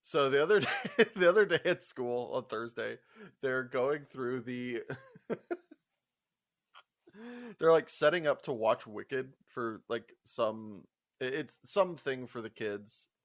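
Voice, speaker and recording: A man's voice: mid-range voice, slow. A young man co-hosting a casual podcast, with a voice that sits in the middle range. He tells stories from work in a loose, profane way, breaking into laughter and acting out what others said. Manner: profane animated storyteller, laughs often, acts out quotes. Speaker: podcast co-host. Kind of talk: casual chat.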